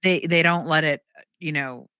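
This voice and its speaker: Woman, young adult, comedian, casual storytelling, animated quotes, bright tone. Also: moderate pace, clear, resonant tone, dry recording, studio quality. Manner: animated, acts out quotes with big pitch jumps. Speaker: comedian guest.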